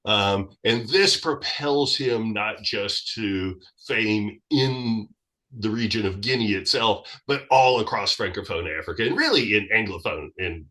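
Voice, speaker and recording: A man speaking as a guest in an interview, explaining history at length in a lively, expansive way. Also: fairly low pitch, measured pace.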